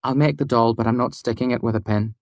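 A man voicing a shy, clever young woman student in an audiobook, speaking softly and precisely. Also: medium pitch, steady tone, fast, creaky, no echo, pitched above the performer's own voice, lightly acted. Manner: soft-spoken and precise. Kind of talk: audiobook character voice.

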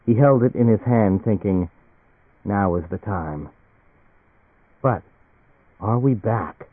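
A man with a fairly low voice reads a novel aloud, measured and even, keeping the characters' lines quiet. The sound is thin and phone-like, with a dry, close feel and no room around it. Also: no room sound. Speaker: audiobook narrator. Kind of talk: scripted narration. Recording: tinny phone-like audio.

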